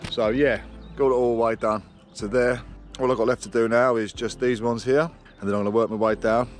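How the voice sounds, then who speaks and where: A man's voice: mid-range voice, fairly even intonation, brisk, faint music behind. A man, a roofer, chatting casually outdoors on a roof and explaining each step of the job as he works, recorded on an action camera. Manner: chatty, explains while working. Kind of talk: casual work vlog.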